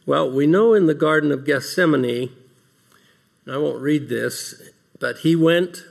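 An unhurried man with a slightly high, creaky voice gives opening remarks in an earnest devotional talk. Addressing a large audience, he asks rhetorical questions and reads from scripture aloud.

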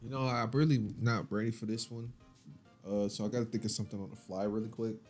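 A man's voice: on the low side, flat delivery, quick pace, a little mellow, soft background music. A man co-hosting a game playthrough, cracking mock-serious jokes and teasing his partner in casual banter. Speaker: let's play co-host.

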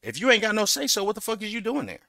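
A man's voice: high-pitched, wildly swooping pitch, very fast, gravelly, pushed and bright. A man giving blunt, mocking, profane commentary on bodycam footage, closing points with a catchphrase.

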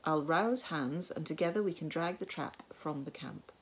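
A woman voicing a brisk, sharp-witted woman detective who gives clipped, commanding orders in a hushed voice. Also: deep voice, a little hiss or hum. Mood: urgent hush. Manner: clipped, bossy, hushed urgency.

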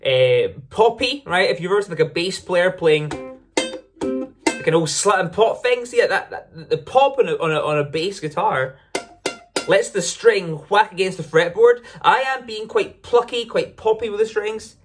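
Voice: mid-range voice, animated, moderate pace, over music. An ukulele teacher explaining licks in a casual, upbeat way, often correcting themselves mid-sentence. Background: ukulele playing between phrases.

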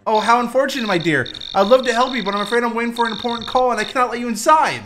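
A doting old granny neighbor, played by a woman, polite but firmly cautious. She fusses sweetly in a soft, caring way, as if from a game scene. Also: fairly high pitch, very fast, soft background music, lightly acted. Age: older.

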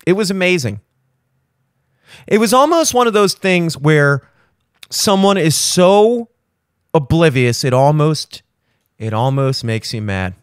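A man's voice: fairly high pitch, slow pace, long pauses, smooth, no echo, clean studio sound. Rambling young man telling a story. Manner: rambling, animated storytelling with voiced asides. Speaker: podcast host. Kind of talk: solo casual chat. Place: home studio.

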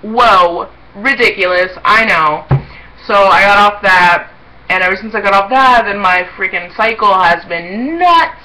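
A woman's voice: medium pitch, measured pace, sharp tone, low-quality recording. A young woman chatting casually to her viewers in a rambling way, often breaking into giggles. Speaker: vlogger. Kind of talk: casual chat to camera.

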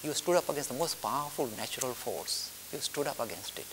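In a brisk, lively, medium-pitched voice, an older lecturer presses his points on spiritual discipline, voicing his audience's objections in mockery and repeating key ideas emphatically. Faint hiss and long hall reverb color the sound.

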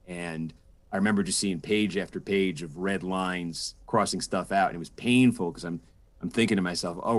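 Guy in his 40s, deep low voice, political reporter talking through how he made his podcast, lots of um and restarts. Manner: thoughtful, with many restarts and fillers. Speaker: political correspondent and podcast host, guest. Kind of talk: conversational interview answers.

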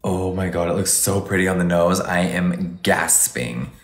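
Gushing campy man, low voice. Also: unhurried, reverberant, soft background music. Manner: gushing, exclamatory, campy endearments. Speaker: makeup livestreamer. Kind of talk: casual live makeup review.

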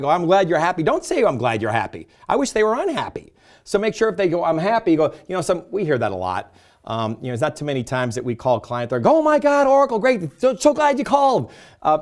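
Animated middle-aged male sales coach. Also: mid-range voice. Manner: animated, acts out customer and rep lines. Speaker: sales trainer. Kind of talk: energetic sales coaching talk to camera.

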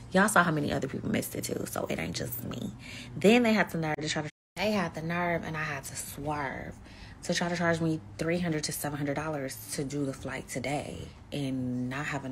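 A woman's voice: low-pitched, noisy background. Fed-up woman vlogging through an airport. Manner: exasperated, venting, swears freely, addresses viewers as y'all. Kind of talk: casual vlog to camera. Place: airport terminal and shuttle.

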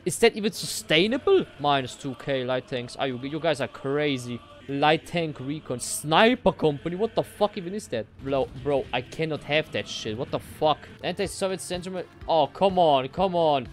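Excitable young man playing a strategy game. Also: fairly high pitch. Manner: excitable, swearing, swings from mutters to shouts. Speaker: gaming streamer. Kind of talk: live strategy game commentary.

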